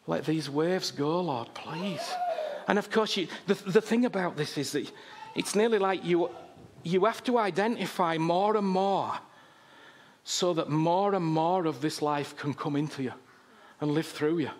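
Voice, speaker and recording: Male preacher, fairly high voice, impassioned sermon, repeats himself, rhetorical questions. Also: moderate pace.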